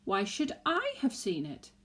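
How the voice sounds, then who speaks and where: A woman reading aloud gives a strict, proper nanny. She speaks crisply and scolds firmly, close to the reader's own voice. It is a storybook read-aloud voice. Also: medium pitch, wildly swooping pitch, a little slow, a bit bright. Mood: stern.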